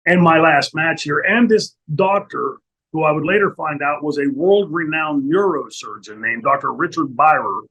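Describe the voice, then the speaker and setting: A middle-aged man tells a profane story as an interview guest. His voice is husky and sits a little high. He acts out every quote with animated energy. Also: low-quality recording.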